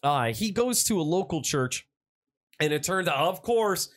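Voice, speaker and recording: A man co-hosting a casual chat, recapping a film in a profane, rambling, animated way. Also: high-pitched, moderate pace. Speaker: podcast co-host.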